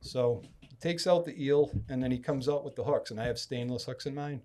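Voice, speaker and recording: A man's voice: mid-range voice, a little fast, a little hiss or hum. A middle-aged man from Massachusetts telling a casual story as a podcast guest, acting out the people he quotes. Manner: animated storyteller who acts out quoted people.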